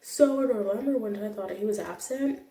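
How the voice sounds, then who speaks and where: A woman's voice: mid-range voice, racing, gravelly, warm tone. A young woman who teaches computer classes, chatting casually and gushing with frequent restarts. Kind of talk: casual vlog chat. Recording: echoey room, voice from a distance.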